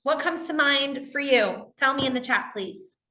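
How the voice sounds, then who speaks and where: A woman with a bright, fairly high voice teaches a live webinar over a computer microphone. She talks in a chatty, explaining way, working through examples and answering chat questions. The room sounds roomy, with audible echo. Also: moderate pace. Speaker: webinar instructor.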